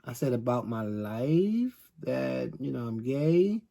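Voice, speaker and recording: A middle-aged man co-hosting a storytime chat, telling stories with animated energy and acting out the voices of others. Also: mid-range voice, takes it slowly, creaky. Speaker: co-host.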